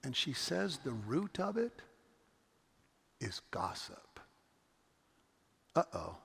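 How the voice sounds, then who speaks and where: A man's voice: mid-range voice, very animated, slow pace, vocal fry, a bit bright, husky, big-room sound. A man preaching a sermon in an earnest, storytelling manner, often restarting his words. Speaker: pastor.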